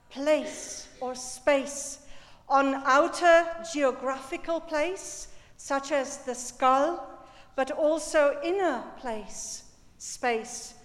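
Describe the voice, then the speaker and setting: Woman giving a sermon, unhurried and reflective, echoey church hall sound. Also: sits high. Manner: slow, measured and reflective, lingering on key words. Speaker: preacher.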